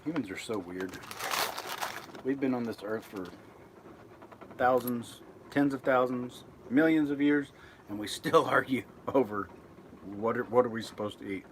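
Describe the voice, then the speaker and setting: Speaking a little slowly and with long pauses, a mid-range male vlogger reads his live chat from inside his boat, chatting loosely and fixing his words as he goes. Background noise can be heard.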